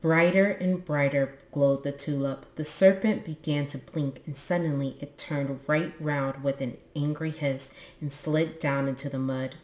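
A woman with a low voice reads a children's book aloud, breaking off now and then for casual, musing asides. The room around her is echoey. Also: fairly even intonation, measured pace, few pauses, darkish tone. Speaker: book channel host.

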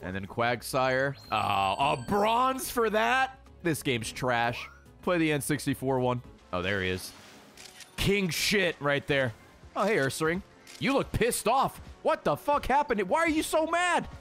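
Excitable, swearing man voicing game commentary. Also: on the high side, measured pace, faint music behind. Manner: excitable, swears a lot, talks to game creatures. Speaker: let's play host.

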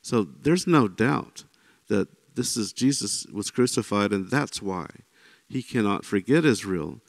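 In a creaky, fairly low voice, a man leads a casual Bible teaching a little slowly, frequently tossing in "right?" and "you know." Quoted speakers get an animated voice, and the recording is dry.

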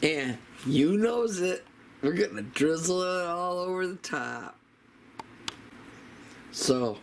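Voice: mid-range voice, lively intonation, takes it slowly, long pauses, a little hiss or hum, poor audio. A home cooking vlogger demonstrating a recipe in a casual, chatty way in a kitchen, talking straight to the viewers.

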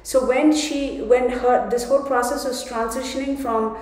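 A woman with a high, steady, darkish voice delivers a tarot reading to viewers at a moderate pace. She meanders, punches her points, and keeps starting over. The space around her is echoey and the reverb trails on.

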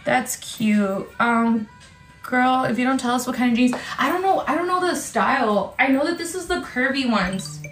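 Woman, fairly high voice, live-stream seller, chatty and excitable, swears freely, echoey room, soft music behind. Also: moderate pace. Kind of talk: casual livestream sales chat.

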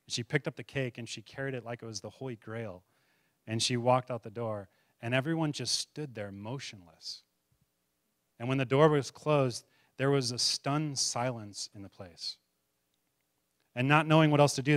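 A man preaching a sermon, retelling a story with lively shifts in loudness and acting out the characters' voices. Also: medium pitch, normal speed, no room sound, clean studio sound. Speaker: pastor. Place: church sanctuary.

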